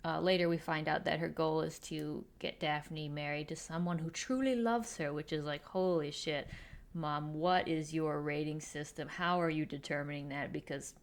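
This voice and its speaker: Woman host, wry and sarcastic, casual recap with quick character asides; lowish voice. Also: fairly even intonation. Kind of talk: casual comedic recap while drawing.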